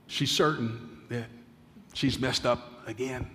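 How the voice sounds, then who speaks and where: A male pastor preaching, telling a story with dramatic pauses and often dropping to a hushed voice. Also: medium pitch, steady tone, in a large hall. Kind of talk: sermon storytelling.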